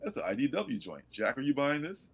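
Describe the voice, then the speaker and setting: A man hosting a casual comics livestream, animated and laughing, reading blurbs aloud. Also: medium pitch, brisk, creaky. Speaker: host.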